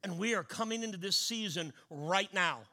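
A man preaching a sermon, telling a story and swinging between hushed asides and loud declarations. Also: high-pitched, moderate pace.

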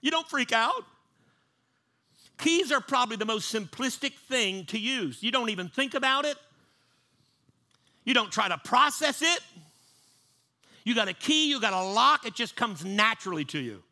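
A man's voice: very high voice, animated, normal speed, long pauses, pushed and bright. A man preaching a sermon in a conversational way, often repeating and restarting his words. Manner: conversational, repeats and restarts, acts out panicked voices.

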